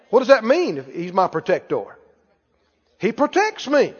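A man preaching a sermon, leading his congregation in call-and-response and rising to shouts. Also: high voice, wildly swooping pitch, moderate pace, long pauses, breathy edge. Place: church. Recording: dull recording in a reverberant hall.

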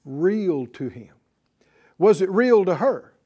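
Man, Bible teacher, call-and-response, high lively voice, mellow tone, repeats key words. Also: slow pace. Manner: asks the class questions and has them repeat lines.

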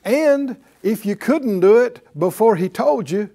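A man's voice: sits high, lively intonation, a little slow, vocal fry, mellow. A man preaching a sermon as pastor, drawing responses from the congregation with rhetorical questions and repeated key phrases.

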